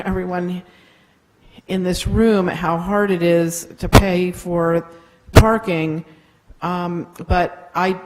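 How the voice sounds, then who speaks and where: Halting council member, many restarts. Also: mid-range voice, rough recording. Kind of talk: council meeting discussion.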